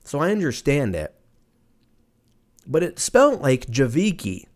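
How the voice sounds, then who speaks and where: A man's voice: fairly high pitch, very animated, measured pace, a little mellow. A man in his thirties hosting a podcast, ranting casually in a profane, rambling, sarcastic way. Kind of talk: casual rant.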